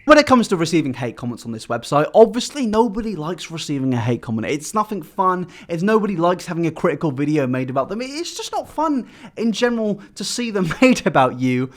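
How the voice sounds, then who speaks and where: Man reacting to clips, sarcastic and mocking, swings his pitch a lot. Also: very animated, fairly quick. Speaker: YouTube commentator. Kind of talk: reaction commentary.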